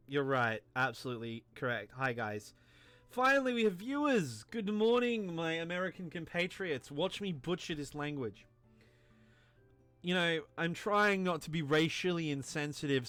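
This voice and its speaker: A man's voice: mid-range voice, fairly bright tone, clean tone. A tipsy man streaming a game, rambling, self-mocking and crude as he talks to his chat. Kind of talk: drunken game commentary.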